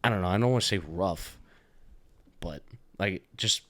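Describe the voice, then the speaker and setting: A man's voice: sits low, moderate pace, fairly bright tone, no room sound. A young man co-hosting a podcast, chatting casually, rambling with lots of filler words and swearing. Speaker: podcast co-host. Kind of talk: casual chat.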